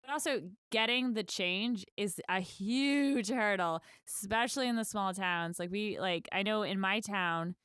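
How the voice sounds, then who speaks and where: Casual woman co-host with a smooth voice. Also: medium pitch, measured pace, few pauses, fairly bright tone, no room sound, studio quality. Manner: casual, rambling, frequent "like", swears casually. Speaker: podcast co-host. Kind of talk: casual podcast chat.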